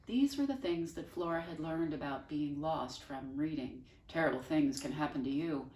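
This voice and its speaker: A woman teacher reading a children's novel aloud, expressive with wry, dry asides. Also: sits low, moderate pace. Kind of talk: storybook read-aloud. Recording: echoey room, voice from far off.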